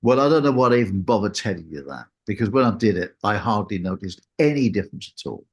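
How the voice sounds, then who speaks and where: A man telling a personal story in a casual, animated way, acting out what people said. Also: fast, slightly rough. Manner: animated, acts out what people said with big jumps in pitch.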